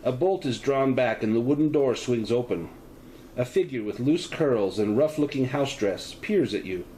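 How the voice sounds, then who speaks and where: Narrating a solo tabletop horror game at normal speed, this game master describes the scene vividly, his pitch lively, and lays out options for the player. The recording is rough, with slight background noise.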